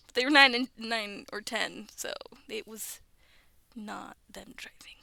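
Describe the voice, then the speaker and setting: Young woman, casual storyteller, highish voice, dry close sound, chatty and self-interrupting. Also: slow pace, gravelly, bright, forceful tone, no room sound. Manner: chatty, stumbles over text and laughs at herself. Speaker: video creator reading stories. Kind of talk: casual read-aloud with asides.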